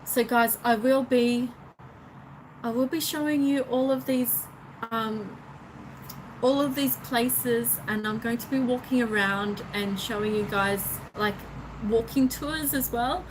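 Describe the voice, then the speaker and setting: A woman talks to her viewers in a relaxed, rambling way, circling back over her words before she finishes a thought. Her voice sits high, and she takes her time. There is a faint hiss of noise underneath. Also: takes it slowly. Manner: rambling, repeats words and restarts often. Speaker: live streamer. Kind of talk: casual live stream chat.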